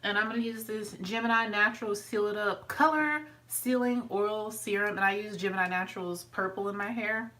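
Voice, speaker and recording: A woman's voice: steady tone, normal speed, few pauses, sharp tone, distant mic, poor audio. A woman talking casually through her hair routine as a vlogger, chatting along as she works. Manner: chatty, talks to her dog in a high sweet voice. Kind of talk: casual hair tutorial chat.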